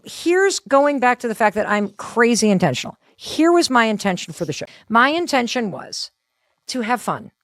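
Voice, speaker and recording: A woman in her fifties, telling stories in a casual chat in an animated, self-deprecating way and acting out what people said. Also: fairly high pitch, normal speed, dry recording, clean studio sound. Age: 50s. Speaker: guest.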